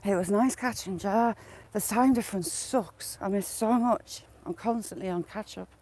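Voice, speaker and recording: A woman's voice: medium pitch, moderate pace, dark tone. A woman with a mixed English accent hosting a casual walk-and-talk livestream outdoors in the countryside. She greets her viewers by name as she chats. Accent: English, mixed regional. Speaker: livestream host.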